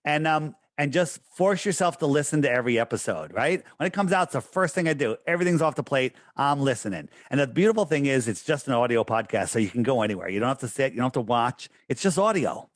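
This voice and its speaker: A man of medium pitch talks quickly and expressively with few pauses, recorded dry. He's a podcast guest in a casual interview, meandering and losing the thread, then pressing his points in a heavy, preachy manner.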